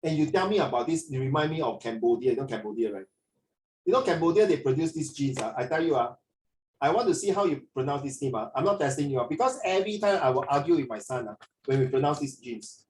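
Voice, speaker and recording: A man, teaching a classroom lesson in an animated way and mixing in Mandarin. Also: a little high, quick pace, slight background noise. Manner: animated, mixes in Mandarin, frequent "ah" tags. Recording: echoey classroom from a distance.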